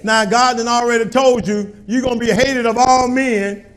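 A male pastor preaching a sermon in a call-and-response style, swinging between quiet asides and shouted lines. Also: very high voice, steady tone, normal speed.

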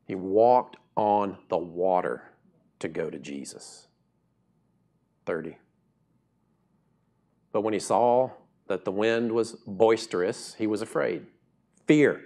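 This sermon comes from a middle-aged pastor with a casual, conversational style, whose delivery shifts from hushed, slow asides to loud, high, emphatic outbursts.

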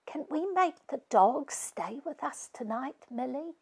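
A woman's voice: sits high, expressive, measured pace, pitched above the performer's own voice. A woman reading aloud, voicing a nervous young boy who is scared of night noises.

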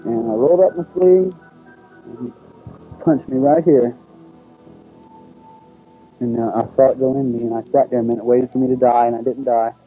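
A man telling his own experience in a documentary, recalling it in halting, unpolished speech with restarts. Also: mid-range voice, fairly even intonation, phone-quality sound, soft background music. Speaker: eyewitness recounting his experience. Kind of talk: first-person testimony in a documentary.

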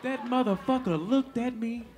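A man doing stand-up, telling an animated, profane story on stage and laughing through it. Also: very high voice, normal speed, background noise. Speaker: stand-up comedian. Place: stage before a live audience. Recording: live show with crowd.

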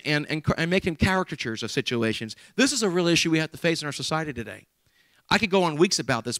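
A man's voice: a little high, a bit bright, no room sound. A middle-aged man preaching a sermon as a pastor, emphatic and given to repeating key phrases.

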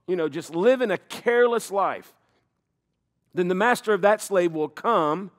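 A middle-aged man delivers a sermon in a lively, high-pitched voice. His pitch rises and falls widely as he preaches. He drags out important phrases for emphasis. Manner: animated preaching, slows for emphasis, occasional laughs. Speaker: pastor.

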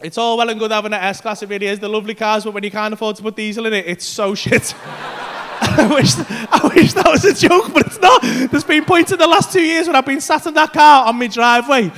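A comedian with a notably high voice tells a sweary, animated story from a club stage. Faint ambience hums behind his handheld mic. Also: brisk, a little hiss or hum. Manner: sweary, animated anecdote-telling. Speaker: stand-up comedian.

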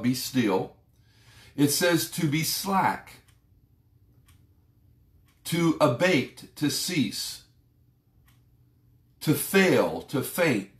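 A man pastor giving a conversational, emphatic devotional sermon. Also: fairly high pitch. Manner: conversational, emphatic preaching with rising exclamations. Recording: roomy echo.

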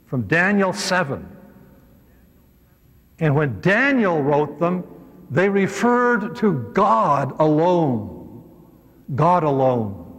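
A man, a priest, giving an animated, conversational teaching talk to a live audience, with humorous asides. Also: on the high side. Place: hall with a seated audience. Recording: echoey hall.

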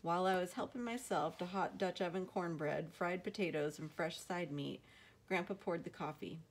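Woman reading a novel aloud, lowish voice. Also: creaky, breathy edge. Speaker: audiobook narrator.

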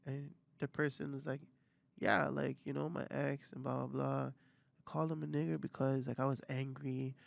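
Gravelly young man arguing a point. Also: medium pitch, flat delivery, moderate pace, dry recording. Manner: reasoned arguing, frequent affirming murmurs. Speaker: podcast co-host. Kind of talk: casual podcast chat.

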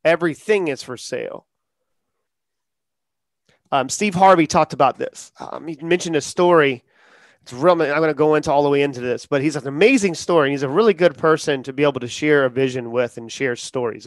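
Guy chatting on a podcast, slightly high voice, dry close sound, acts out quotes as he goes. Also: brisk, no echo. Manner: animated storyteller acting out quotes. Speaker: podcast guest. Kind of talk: casual interview talk.

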